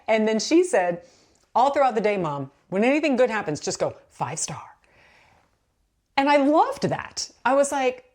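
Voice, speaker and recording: A middle-aged woman, a manifestation coach, giving casual motivational talk to camera in a chatty, animated way, laughing as she tells stories. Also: lowish voice, normal speed.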